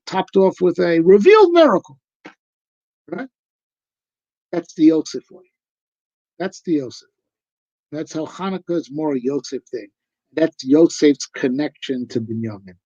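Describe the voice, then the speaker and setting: A man's voice: on the high side, expressive, unhurried, long pauses, dark tone, no room sound. A male rabbi giving a live, conversational discourse on Torah, emphatic and full of rhetorical questions. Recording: dull lo-fi recording.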